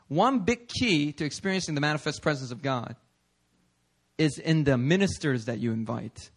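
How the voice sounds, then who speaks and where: High-voiced man preaching casually. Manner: animated, peppers talk with "okay?" and "right?"; acts out listeners' voices in quotes. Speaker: pastor. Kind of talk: conversational sermon. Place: church sanctuary.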